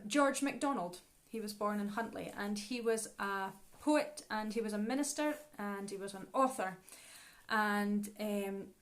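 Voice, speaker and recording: A Scottish woman co-hosting a live stream in a casual, chatty way, mixing in Scots words. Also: medium pitch. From Scotland. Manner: chatty, easy laughs, drops into Scots words. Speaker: co-host, musician.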